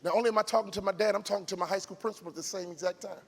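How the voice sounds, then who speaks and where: Casting: high, gravelly male motivational speaker from Chicago, booming in a reverberant arena. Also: steady tone, rapid-fire. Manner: emphatic, preacher-like cadence with shouted peaks. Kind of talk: motivational keynote. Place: large event arena stage. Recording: long hall reverb from live arena.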